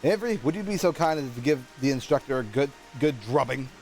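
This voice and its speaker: A man's voice: medium pitch, lively intonation, quick pace, darkish tone, soft background music, lightly acted, rough recording. A man voicing a polite, proper male noble patron, reading game dialogue aloud in a formal manner and stumbling over words.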